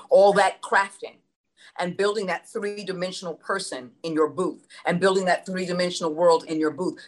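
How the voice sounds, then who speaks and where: Woman, from New York, middle-aged, lowish voice, emphatic, rhetorical questions, swears. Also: a little mellow. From New York City. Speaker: voice acting coach. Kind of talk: motivational talk.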